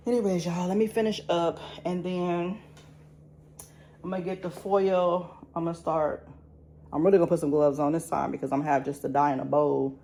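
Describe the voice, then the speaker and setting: A beauty vlogger with a warm, lowish voice and fairly even intonation speaks briskly while dyeing a wig at a sink indoors. Nervous and self-mocking, she laughs as she chats through the casual tutorial in an echoey room with faint ambient noise.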